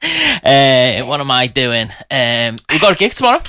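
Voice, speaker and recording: A man's voice: mid-range voice, huge pitch swings, a little slow, sharp tone. A man, a radio presenter joking and bickering with his co-host. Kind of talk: casual on-air banter.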